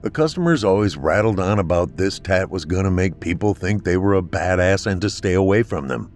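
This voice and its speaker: Deep-voiced man narrating a horror story. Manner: steady, measured storytelling.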